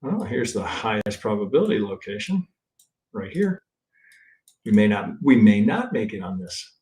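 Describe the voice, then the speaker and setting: A man teaching trading in a live-stream chart review, thinking aloud in a blunt, profane way and tagging his points with a quick "right?". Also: on the low side, very animated, darkish tone. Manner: thinks aloud, counts waves, restarts often. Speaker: trading instructor.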